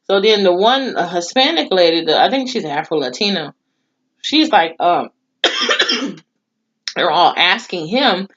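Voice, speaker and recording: A woman, reviewing a TV episode in a profane, animated, indignant rant. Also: on the low side, a little slow, long pauses. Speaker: TV show reviewer. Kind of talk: casual recap rant. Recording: slightly dull lo-fi audio.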